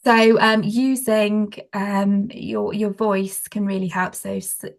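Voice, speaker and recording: A woman, speaking as a trainer in a conversational interview, practical and animated, with many fillers and restarts. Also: medium pitch, slow pace, gravelly. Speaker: trainer, guest.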